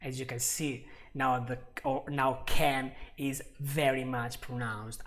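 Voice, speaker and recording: A man teaching a live online English lesson, chatty and laughing often, repeating example phrases slowly. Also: medium pitch, little pitch movement, a bit bright.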